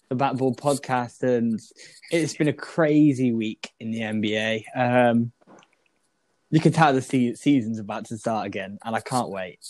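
A man's voice: medium pitch, a little mellow, dry recording. A young man hosting a casual podcast chat, laughing and teasing his co-hosts. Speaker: podcast host.

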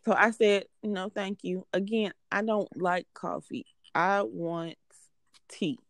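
A woman's voice: medium pitch, takes it slowly, no echo. A woman in her thirties telling a story in a casual chat, mimicking coworkers in quoted voices. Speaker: podcast co-host.

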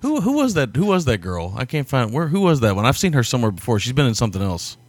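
A man co-hosting a casual film podcast, talking quickly and rambling, with frequent laughs. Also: medium pitch, huge pitch swings. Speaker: podcast co-host.

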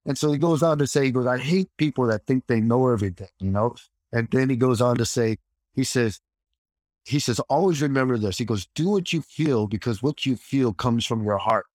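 Male interview guest, lively anecdotal storytelling, acts out quoted dialogue, mid-pitched voice, dry close sound. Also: fairly quick, dry recording. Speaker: actor and martial artist guest.

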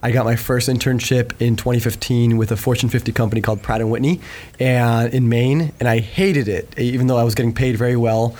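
A man in his twenties, a podcast guest, telling his story in a relaxed way with lots of fillers. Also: mid-range voice, fairly quick. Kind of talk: casual chat.

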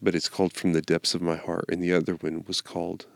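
A man giving an informal devotional talk, reading song lyrics aloud in a slow, earnest way that halts and restarts. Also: low-pitched, flat delivery, vocal fry, no room sound. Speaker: devotional speaker.

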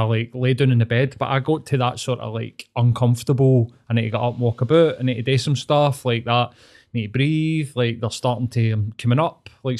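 A Glasgow man with a medium-pitched, darkish voice tells a long story in casual, rambling chat. He's a therapist, and his talk is sweary and packed with fillers.

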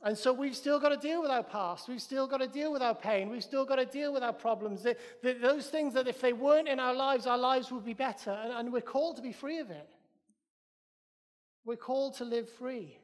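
A man's voice: very high-pitched, a little fast, long reverb tail. A Welsh man preaching a sermon in a church, emphatic and repeating his phrases in threes.

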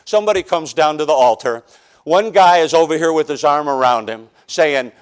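A man with a notably high voice preaches a personal testimony sermon from the pulpit. He is from the northern United States and tells his story in an animated, humorous way, acting out the scenes for his congregation. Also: brisk, clear, resonant tone. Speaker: pastor.

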